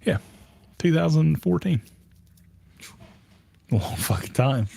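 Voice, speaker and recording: A man's voice: on the high side, animated, slow, gravelly, warm tone. A man co-hosting a sports podcast in loose, profane casual chat, often trailing off and restarting. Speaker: podcast co-host.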